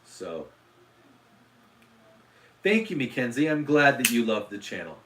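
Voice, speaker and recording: A man's voice: medium pitch, big pitch swings, unhurried, a bit bright, recorded from a distance, slight background noise. A man hosting a casual livestream, rambling and self-deprecating, with lots of fillers and restarts. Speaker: livestream host. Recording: roomy echo.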